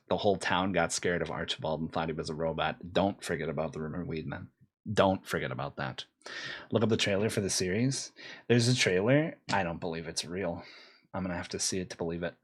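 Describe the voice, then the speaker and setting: A man streaming a game, chatting casually with viewers and breaking into loud, excited outbursts between low mumbles. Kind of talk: casual live-stream chat.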